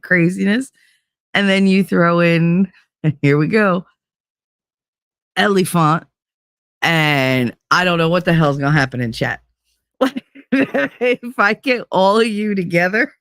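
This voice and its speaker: A woman's voice: on the low side, no room sound, clean studio sound. A woman casually chatting with her livestream chat, bubbly and teasing, laughing a lot and tired from little sleep. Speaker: livestream host reading chat.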